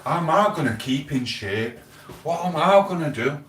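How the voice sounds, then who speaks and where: A man's voice: a little high, lively intonation, moderate pace, noisy background. A man, chatting and rambling through stories on a live stream, quoting back-and-forth conversations. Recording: echoey room, voice a bit far from the mic.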